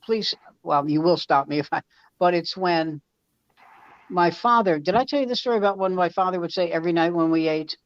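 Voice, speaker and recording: Animated storytelling comedian man. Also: sits high, fairly quick, clear, resonant tone, no echo. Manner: animated, loud jumps when acting out quotes. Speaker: comedian guest. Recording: dull lo-fi dry sound.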